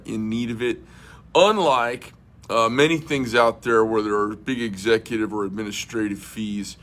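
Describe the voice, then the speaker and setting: A man's voice: mid-range voice, a bit bright. A middle-aged man hosting a casual livestream chat, a rambling storyteller who swears bluntly and fills with many uhs and restarts. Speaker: host.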